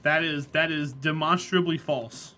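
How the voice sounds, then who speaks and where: A woman gaming on a live stream, her voice clear and bright as she talks straight to her chat. She is blunt and sure of her opinions, calling out viewers by name and pushing back when they disagree. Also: deep voice, fairly even intonation, a little slow.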